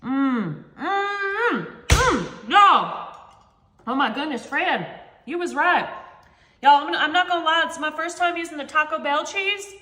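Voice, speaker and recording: Woman, high bright voice, casual self-deprecating cooking host, roomy kitchen sound with pans in the background. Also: a little fast. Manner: chatty, self-joking, keeps saying "y'all". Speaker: home cooking channel host. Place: home kitchen.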